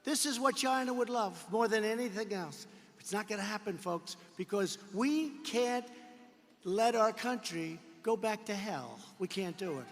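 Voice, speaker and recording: A man giving a boastful, repetitive rally speech full of mocking asides and sudden bursts of shouting. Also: sits high, animated, measured pace. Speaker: politician addressing a campaign rally. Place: large indoor arena rally. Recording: long arena reverb.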